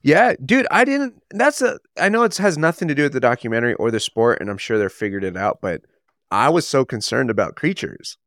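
A man co-hosting a podcast in casual chat, rambling and correcting himself as he gets excited. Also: mid-range voice, brisk, no echo, studio quality. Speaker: podcast co-host.

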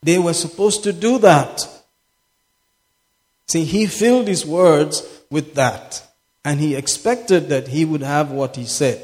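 Fired-up pastor guy preaching, kinda high voice, repeats stuff over and over, big echoey hall. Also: takes it slowly, darkish tone. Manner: impassioned, repeats phrases for emphasis. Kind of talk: sermon. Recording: echoey hall with long reverb.

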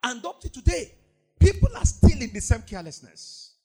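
A man preaching a sermon as pastor, swinging from loud emphatic lines to low mocking asides. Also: big pitch swings, normal speed, breathy edge.

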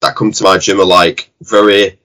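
A man's voice: low voice, flat delivery, normal speed, sharp tone, poor audio. A man with a Yorkshire accent, a jiu-jitsu head coach, talking bluntly and animatedly in a casual interview, with some swearing.

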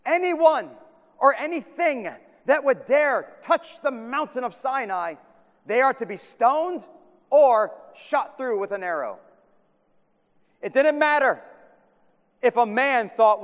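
A man preaching a sermon in a high, light voice that rings out with a long hall reverb. He delivers with drama, pressing hard on key words and then sinking to a hush. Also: expressive, a little slow. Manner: dramatic, swings from loud emphasis to hushed awe.

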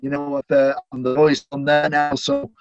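A man's voice: a little high, steady tone, moderate pace, dry recording. Chatty Mancunian man, dry muffled sound. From Manchester, England. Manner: warm, chatty, lots of "you know" fillers. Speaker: stadium announcer, podcast guest. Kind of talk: casual interview chat.

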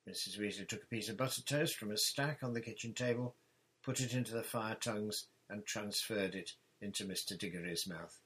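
A man reading a novel aloud in a steady, even narrating manner. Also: fairly low pitch, a little fast, husky. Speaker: audiobook reader.

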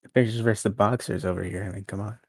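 A man co-hosting a wrestling podcast, quick and sarcastic in casual chat. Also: on the low side, fairly even intonation, vocal fry, husky, no room sound, studio quality. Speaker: podcast co-host.

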